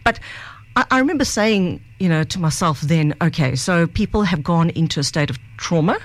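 A woman, a guest on a radio show, telling stories in a lively way and acting out the voices of people she quotes. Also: fairly low pitch, normal speed, dry recording. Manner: animated storyteller, acts out quoted voices. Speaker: guest speaker on mental health. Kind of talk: studio interview.

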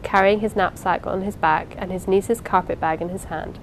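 A woman narrating an audiobook in a measured, expressive reading with occasional pauses. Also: lowish voice, slight background noise, low-quality recording. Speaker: audiobook reader. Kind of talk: unhurried amateur audiobook narration.

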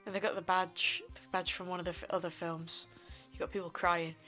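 A woman co-hosting a podcast, chatting casually and teasing her partner with quick comebacks. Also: fairly low pitch, level tone, pushed and bright, soft background music. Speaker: podcast co-host. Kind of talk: casual chat.

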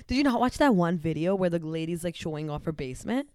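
Low-pitched young woman, blunt and slangy. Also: sing-song, brisk, mellow, no echo, studio quality. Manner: slangy and blunt, says dude a lot. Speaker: podcast co-host. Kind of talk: casual chat.

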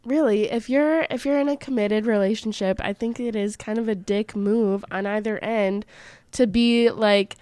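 A woman's voice: medium pitch, steady tone, normal speed, darkish tone, dry recording. A young woman co-hosting a podcast, frank and opinionated in casual chat. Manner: frank, opinionated, laughs easily. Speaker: podcast co-host.

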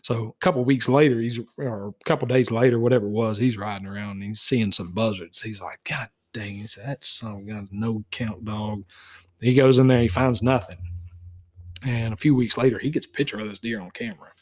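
A man's voice: fairly low pitch, steady tone, fairly quick, darkish tone. A man, a guest deer tracker telling a folksy story and acting out both sides of phone calls. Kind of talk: casual storytelling.

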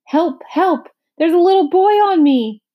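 A woman voicing an excitable, indignant male spelling bee in a storybook read-aloud, shrill and quick to outrage. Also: lo-fi sound, natural voice.

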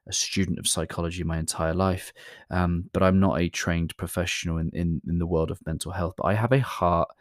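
Host, very deep male voice, gentle and hesitant, close and dry. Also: steady tone, a little fast, no echo. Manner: gentle, compassionate, with hesitant fillers. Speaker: channel host introducing a clip. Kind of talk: calm reflective talk to camera.

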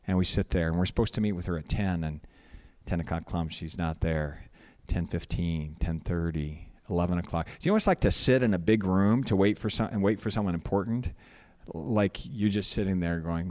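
A man preaching through a personal story, halting and repeating words as he acts out what others said. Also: fairly low pitch, a little mellow. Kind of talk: sermon storytelling.

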